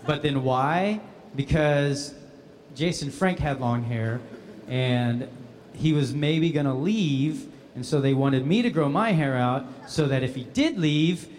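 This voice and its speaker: With a slightly high voice and a slow pace, a male voice actor tells animated stories at a casual convention Q&A. He's a guest on the panel and laughs often.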